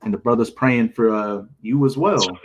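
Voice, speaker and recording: Man, scripture study leader, emphatic, casual phrasing, average pitch. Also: normal speed. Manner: emphatic, repeats sacred names, street phrasing.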